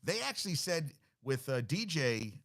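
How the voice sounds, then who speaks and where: A man's voice: on the high side, very animated, normal speed, creaky, a bit bright, no echo, studio quality. A man hosting a casual sports talk show, rambling through stats and news, often blanking on names and correcting himself. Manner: rambling, reads off stats and thinks aloud.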